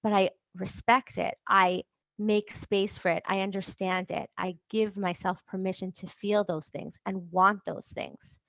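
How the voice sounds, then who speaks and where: A woman's voice: mid-range voice, little pitch movement, measured pace, vocal fry, no room sound. Conversational woman coach, dry close sound. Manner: warm conversational, rhetorical questions, laughs lightly. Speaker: coach and podcast host. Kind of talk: motivational talk to listeners.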